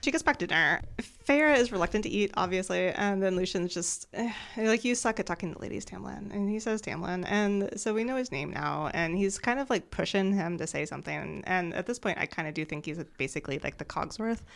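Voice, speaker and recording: Chatty woman with a gravelly edge. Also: fairly low pitch. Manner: chatty, animated retelling, quick character impressions. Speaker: podcast co-host recapping a book. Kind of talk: casual chat.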